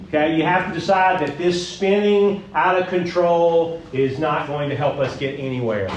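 A man pastors a group session in a folksy, animated way, tossing questions to the tables. His voice sits a little high and comes from some distance, with a roomy echo and faint room ambience. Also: a little hiss or hum. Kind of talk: interactive sermon teaching.

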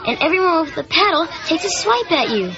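A woman's voice: very high-pitched, big pitch swings, brisk, lo-fi sound, over a noisy crowd, heavy background noise, heavily acted. An actress voicing a nervous young boy putting on a brave face in a radio drama. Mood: explaining.

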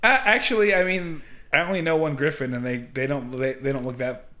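A man co-hosting a podcast, chatting casually with quick asides and frequent laughs. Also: on the high side, pushed and bright. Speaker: podcast co-host. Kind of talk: casual movie review chat.

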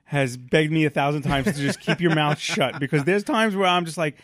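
A man co-hosting a podcast, telling stories in casual chat, rambling and animated with lots of restarts. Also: on the high side, normal speed, dry recording, studio quality. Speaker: podcast co-host.

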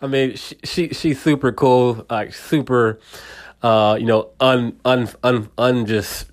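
A man's voice: mid-range voice, fairly even intonation, slow. A man hosting a casual solo podcast, retelling a movie scene in a rambling way with many repeats. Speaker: podcast host.

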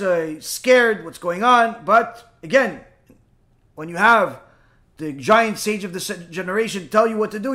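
A man telling a folk tale aloud in a conversational, unhurried way, stopping now and then to explain terms. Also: high-pitched, fairly bright tone. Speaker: storyteller. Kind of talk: oral folk-tale storytelling.

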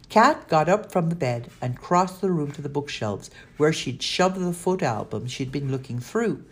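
A woman narrating a children's audiobook in a steady storytelling manner. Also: low voice, normal speed, few pauses.

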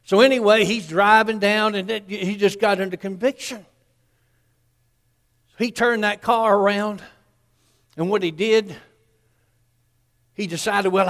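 A man's voice: sits high, a little slow, pauses often, fairly bright tone, long reverb tail. A man, preaching a sermon in a folksy storytelling way and acting out the people in his story.

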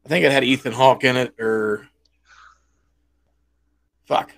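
A man's voice: medium pitch, steady tone, unhurried, creaky. Laid-back man in casual podcast chat. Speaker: podcast co-host. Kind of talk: casual chat about movies.

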